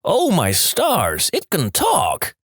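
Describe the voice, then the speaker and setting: A man voicing a flustered farmer in a told joke, shouting and indignant. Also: on the high side, wildly swooping pitch, takes it slowly, husky, no room sound, clean studio sound, voice pushed up, exaggerated voice. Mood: astonished.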